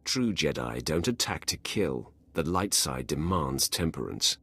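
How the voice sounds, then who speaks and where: A menacing Sith warrior, with a voice that sits extremely low and carries a husky grain. His delivery swings widely in pitch as he taunts his foes coldly. He sounds like a dark video game villain. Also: sing-song, unhurried, heavily acted. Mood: cold taunting. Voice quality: very deep, husky. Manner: cold, taunting. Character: menacing male Sith warrior, cold and commanding.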